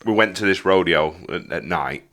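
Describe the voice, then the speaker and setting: A man's voice: low-pitched, moderate pace, a bit bright. A man co-hosting a podcast, blunt and swearing freely in casual chat.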